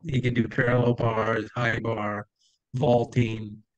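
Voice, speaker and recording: A man's voice: mid-range voice, little pitch movement, slow pace, dry recording, muffled recording. A man telling old stories as an interview guest, rambling with many fillers and acting out the people he quotes. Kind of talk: casual storytelling.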